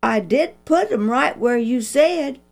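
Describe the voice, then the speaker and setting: A woman's voice: a little high, lively intonation, slow, vocal fry, soft background music, pitched above the performer's own voice, full character voice. A woman voicing a timid, earnest young girl in a storybook reading. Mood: meek.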